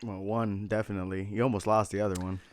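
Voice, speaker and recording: A man with a low voice co-hosts a casual podcast, dropping brief, offhand remarks at a fast clip. His voice sounds dry, with no echo around it. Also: level tone. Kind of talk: casual chat.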